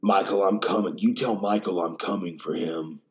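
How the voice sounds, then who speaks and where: A man's voice: sits low, fairly even intonation, moderate pace. A man mimicking a grim, determined woman who vows to hunt someone down. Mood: menacing.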